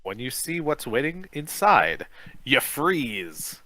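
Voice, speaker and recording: A man, a podcast co-host, reading a kids' adventure book aloud, lively, with joking asides. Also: mid-range voice, slow pace, no echo, poor audio.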